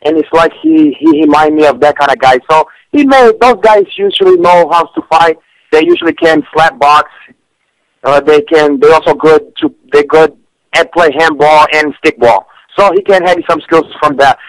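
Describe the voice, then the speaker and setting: High-pitched man, stammering broken English. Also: lively intonation, normal speed, dry recording, poor audio. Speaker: fight picks guest. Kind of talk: comedic radio chat. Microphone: studio radio mic.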